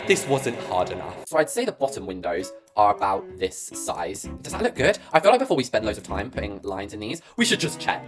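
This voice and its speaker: A young English woman chatting casually to viewers as she builds in a game, playful and talkative. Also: rumbling low. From England. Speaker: gaming creator. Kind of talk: casual gameplay commentary.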